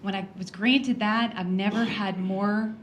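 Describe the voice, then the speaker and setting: A congresswoman giving a heartfelt personal speech at a breakfast event, earnest and storytelling, with soft laughs and frequent ums. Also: mid-range voice, fairly even intonation, measured pace, a little hiss or hum.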